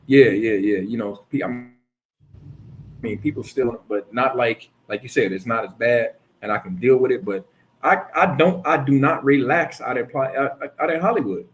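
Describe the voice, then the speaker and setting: A man, casually chatting and telling stories, swearing freely and jumping into higher voices when quoting people. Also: normal speed. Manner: animated storytelling, swears freely, acts out quoted lines in a higher voice. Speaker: streamer host. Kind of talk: casual chat.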